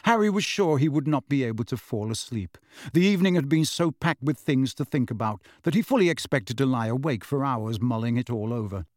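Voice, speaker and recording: An audiobook narrator reads a storybook aloud from a script in a steady, expressive manner. His mid-range voice runs a little fast, captured in a dry, studio-quality recording.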